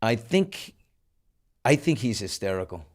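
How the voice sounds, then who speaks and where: A middle-aged man hosts a podcast in a loose, chatty way. He hedges with fillers and sounds incredulous at the news he is covering, and his voice sits at an ordinary pitch. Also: very animated, measured pace. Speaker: podcast host. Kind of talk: casual commentary.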